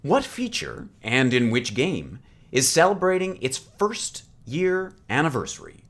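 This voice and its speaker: Man, casual livestream co-host, excitable, playful, swooping animated pitch. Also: a little slow. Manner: excitable, playful, reads trivia questions.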